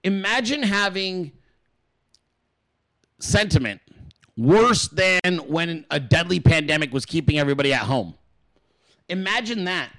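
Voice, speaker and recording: A man's voice: expressive, a little slow, long pauses. A man hosting a political show, ranting in heated, profane commentary and repeating words for emphasis. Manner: swings in pitch and loudness.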